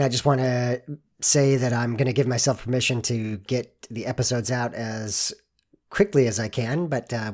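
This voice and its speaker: A man hosting a podcast, talking in an earnest, measured way with frequent filler words. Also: fairly low pitch. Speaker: podcast host. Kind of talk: podcast introduction and interview.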